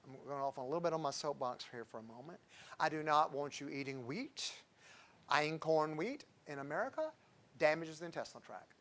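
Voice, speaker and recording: Man, doctor, informal lecture, chatty, digressive, higher-pitched. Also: lively intonation, fairly quick, fairly bright tone. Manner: chatty, digressive, tells patient stories with chuckles. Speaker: doctor giving a health talk.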